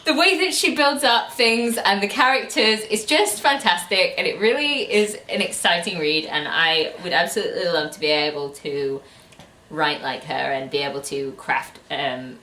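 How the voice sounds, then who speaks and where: A woman's voice: deep voice, bright, forceful tone, reverberant, a little hiss or hum. A woman co-hosting a book channel in casual chat, giggly and prone to bursting out laughing.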